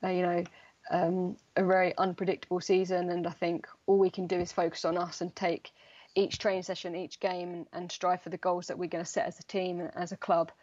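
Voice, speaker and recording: A woman's voice: on the low side, level tone, fairly quick, a little mellow, muffled recording. A young woman, a footballer, chatting casually in an interview, rambling with lots of fillers. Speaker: footballer guest.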